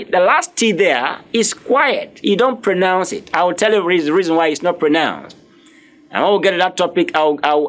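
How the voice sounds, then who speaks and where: A man teaching French, drilling words slowly, spelling them letter by letter and encouraging his learners. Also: fairly high pitch. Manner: encouraging, speaks directly to learners. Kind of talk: live online language lesson.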